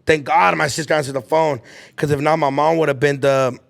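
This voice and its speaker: Young man, podcast host, gravelly voice, slightly high pitch, animated slangy storytelling. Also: brisk. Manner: animated storyteller acting out quotes, heavy slang and swearing. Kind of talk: casual storytelling chat.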